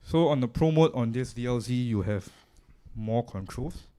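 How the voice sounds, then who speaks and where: A man's voice: mid-range voice, lively intonation, moderate pace, dark tone, clean tone. A man with a Singaporean English accent presents a live audio workshop, explaining gear in a casual, chatty way while chewing gum. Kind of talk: live technical demonstration. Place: live event room.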